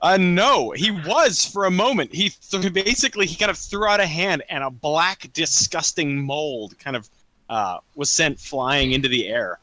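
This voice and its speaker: A young man runs a tabletop game, narrating the action in a bright, sharp voice that swings widely in pitch. He stumbles often on ums and uhs and swears casually. The sound is close and dry. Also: lively intonation, dry recording. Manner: halting, full of ums and swearing. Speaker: dungeon master. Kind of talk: running a tabletop game over voice chat.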